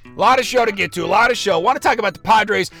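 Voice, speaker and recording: A man's voice: high voice, quick pace, soft background music, full character voice. Man playing Dozer, blustering radio bro. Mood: ranting. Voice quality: loud, blustering, ranting. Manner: swaggering, repeats himself, asks "okay?" and "all right?". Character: brash boastful macho sports-talk radio host, man. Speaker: sports radio host. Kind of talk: comedic radio rant.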